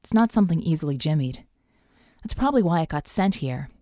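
Woman doing a wry woman operative, quick, a bit lower, mellow, dry. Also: lively intonation, dry recording.

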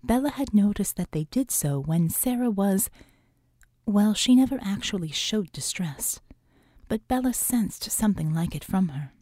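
A woman narrating an audiobook in a measured storytelling manner that often drops to a hush. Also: medium pitch, animated, no echo, studio quality. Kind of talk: scripted narration.

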